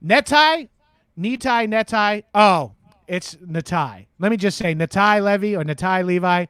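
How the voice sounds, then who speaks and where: A man's voice: high voice, normal speed, a bit bright, smooth, dry recording, studio quality. A man playing a crude, boastful radio host with a Long Island accent, taking calls on a comedy show. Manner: boastful, crude, swaggering, lots of swearing and "bro". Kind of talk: improvised comedy call-in show.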